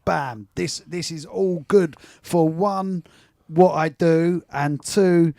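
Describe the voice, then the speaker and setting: A man's voice: on the high side, takes it slowly, warm tone, no echo, clean studio sound. A man hosting a music chat show, enthusiastic and often restarting his sentences. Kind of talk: casual interview chat.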